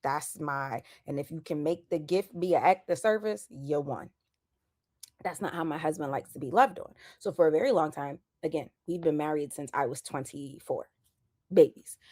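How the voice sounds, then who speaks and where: A woman in her thirties talks in a casual chat with a lower pitch for her sex and a slangy, emphatic delivery. Her points come in lively bursts. The sound is close and dry, with no room around it. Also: moderate pace, dry recording. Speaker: podcast host.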